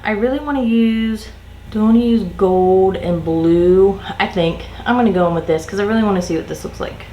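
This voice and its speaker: A woman's voice: mid-range voice, a little fast, slight background noise. Chatty woman telling a workplace story. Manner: animated retelling, acting out quoted coworkers, heavy use of "like". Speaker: beauty vlogger. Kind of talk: chatty storytime while doing makeup. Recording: roomy echo.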